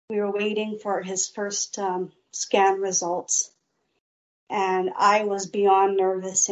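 Slow, earnest woman telling her story. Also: mid-range voice, darkish tone, muffled recording. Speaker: interview guest. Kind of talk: personal faith testimony.

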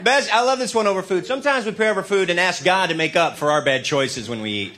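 A man's voice: sits high, fast talker, a little hiss or hum. A man performing a stand-up comedy routine on stage, with wry, playful asides. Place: stage before a live audience. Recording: live show with loud crowd laughter.

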